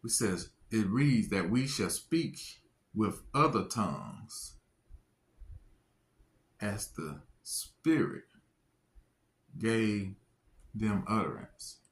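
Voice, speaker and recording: Brief: earnest man sharing a faith testimony, unhurried pace, leans on key phrases. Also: on the low side, animated. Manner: slow, deliberate, earnest, stresses key phrases. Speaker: testimony speaker. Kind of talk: religious testimony.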